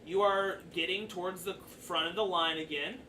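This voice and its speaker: A man's voice: sits high, steady tone, moderate pace, pushed and bright. A man narrating a tabletop game as dungeon master, loose and chatty with lots of fillers. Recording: echoey room, far from the mic, faint noise.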